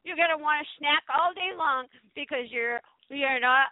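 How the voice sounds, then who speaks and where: A woman's voice: high voice, normal speed, close to an everyday voice. A woman playing a bubbly, scatterbrained young businesswoman who chatters on and talks over others. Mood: eager. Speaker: co-host. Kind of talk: comedy sketch acting. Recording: tinny phone-like dry sound.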